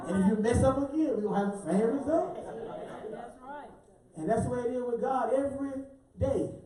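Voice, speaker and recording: Sing-song preacher in an echoing church. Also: male voice, extremely high pitch. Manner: rhythmic, sing-song call-and-response preaching. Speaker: pastor. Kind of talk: sermon. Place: church sanctuary. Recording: echoey church from far off with congregation.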